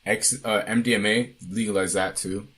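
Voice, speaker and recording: Podcast co-host, young man, low and husky, loose and profane. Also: normal speed. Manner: relaxed, swears freely, animated. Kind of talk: casual chat.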